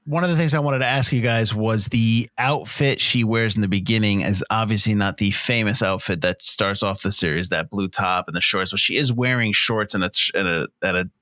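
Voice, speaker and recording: A man's voice: on the low side, fairly quick, few pauses, bright, forceful tone, no room sound, clean studio sound. A man co-hosting a casual film podcast, asking his guests long, rambling questions full of restarts. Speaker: podcast co-host.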